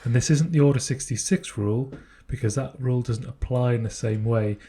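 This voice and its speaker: A man's voice: mid-range voice, a little fast, warm tone, husky. A man co-hosting a podcast, chatting casually and speculating thoughtfully, often restarting his sentences. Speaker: podcast co-host. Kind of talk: casual chat.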